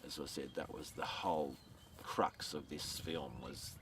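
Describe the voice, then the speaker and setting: A man's voice: extremely low pitch, fairly even intonation, unhurried, a bit bright. A man talking in a meandering outdoor monologue, repeating himself, swearing and chuckling as he goes. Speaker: vlogger. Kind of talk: rambling monologue to camera. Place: outdoors at a graveside. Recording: distant mic outdoors, faint outdoor noise.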